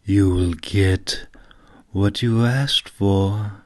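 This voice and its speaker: A man putting on a slow, solemn old female oracle. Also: fairly low pitch, steady tone. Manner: slow, drawn-out, hushed delivery. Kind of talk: audiobook character voice.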